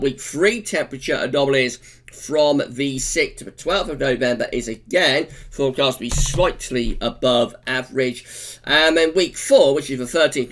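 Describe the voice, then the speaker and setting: Bright-voiced chatty male weather forecaster. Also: mid-range voice. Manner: chatty and unscripted, frequent "uh" fillers and self-corrections. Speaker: weather forecaster, channel host. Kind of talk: informal long-range weather forecast commentary over charts.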